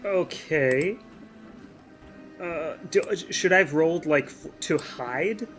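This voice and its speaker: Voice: medium pitch, slow, fairly bright tone, soft background music. A player in a tabletop role-playing game, easygoing and agreeable.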